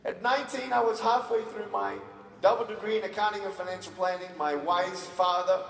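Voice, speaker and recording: High-voiced man in an echoey hall. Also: a little fast, vocal fry, recorded from a distance, a little hiss or hum. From Australia. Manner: animated, acts out dialogue. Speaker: motivational speaker. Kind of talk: stage speech, storytelling. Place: large convention hall.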